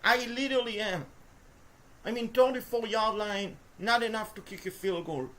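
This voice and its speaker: A woman commentating her own video game play, swinging between frustrated groans and shouted cheers, talking to the players and to her viewers. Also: on the high side, moderate pace. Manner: talks to the players and to viewers as folks. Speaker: gaming video host. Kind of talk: live gameplay commentary.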